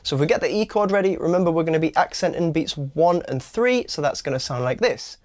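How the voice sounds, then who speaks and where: Man teaching guitar, higher voice. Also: expressive, a little mellow. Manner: clear step-by-step explaining, counts beats aloud slowly. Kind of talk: online guitar lesson. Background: acoustic guitar strumming.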